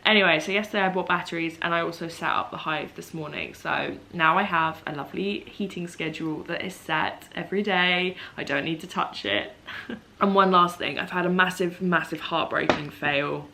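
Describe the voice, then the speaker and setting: A young woman chatting casually to a camera on a tripod at home, self-mocking and lively. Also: on the low side, moderate pace, creaky. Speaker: beauty vlogger. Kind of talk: casual vlog chat to camera. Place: home room at a table.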